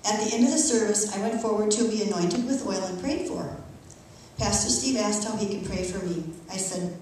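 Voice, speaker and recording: A middle-aged woman reads her personal testimony aloud in church, earnest and emotional yet steady. Her medium voice carries through a strongly echoing sanctuary from a distant microphone, with a faint hum of room noise beneath. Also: medium pitch. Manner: earnest, emotional, measured reading. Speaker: church member giving testimony. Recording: echoey church from far off.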